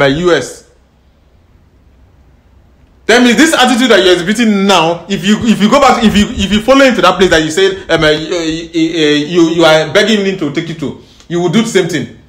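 A man's voice: high-pitched, fairly bright tone. A man hosting a confrontation show, scolding and repeating himself. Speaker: host.

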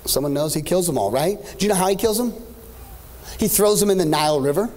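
A man's voice: sits high, lively intonation, quick pace, a little mellow. A man in his thirties preaching a sermon as pastor, swinging from joking asides to rising, half-sung climaxes. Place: church stage.

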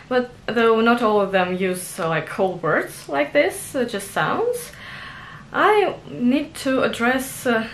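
Giggly woman language vlogger, slow-paced. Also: fairly high pitch, a little hiss or hum. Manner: self-conscious, giggly, lots of fillers. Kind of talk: casual vlog monologue.

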